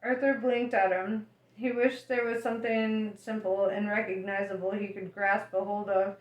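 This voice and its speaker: A woman's voice: medium pitch, flat delivery, normal speed. Woman reading aloud in an echoey room. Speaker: audiobook reader.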